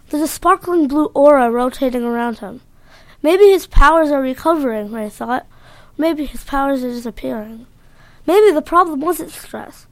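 A woman's voice: high-pitched, no echo. A woman reading a story aloud in a plain, earnest way.

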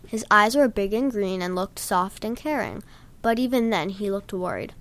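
A woman reading a story aloud in a plain, steady storytelling manner with a few stumbles. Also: medium pitch, normal speed. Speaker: reader.

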